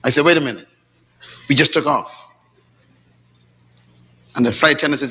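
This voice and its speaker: A man preaching a sermon as pastor, dramatic, swinging between shouts and low asides, telling stories with quoted dialogue in a church with responses from the congregation. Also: normal speed, slightly rough.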